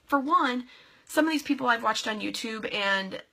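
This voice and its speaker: Young woman, bright voice, goofy and chatty, a live vlogger who calls out viewers by name. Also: on the high side, animated, normal speed, creaky. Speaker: vlogger and direct sales team leader. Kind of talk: casual live video chat.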